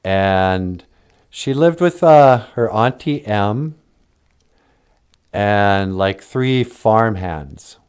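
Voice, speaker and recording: A man's voice: mid-range voice, smooth. A man casually retelling a story for laughs, rambling with filler words. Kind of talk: comic retelling of a film.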